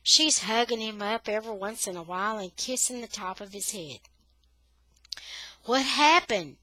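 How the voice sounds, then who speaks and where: A woman reading a children's novel aloud for English learners, slow and expressive. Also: medium pitch, no echo.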